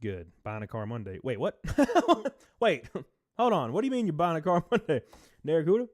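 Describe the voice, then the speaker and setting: A man live streaming, chatting casually, swearing, laughing often and reading chat aloud in a low-key mood. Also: sing-song, moderate pace, no echo, studio quality.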